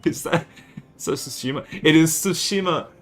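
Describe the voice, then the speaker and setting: A man's voice: fairly high pitch, normal speed, faint music behind. A young Australian man from the Northern Territory, chatting casually and rambling while he livestreams a strategy game. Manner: rambling, self-deprecating, laughs often. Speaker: streamer.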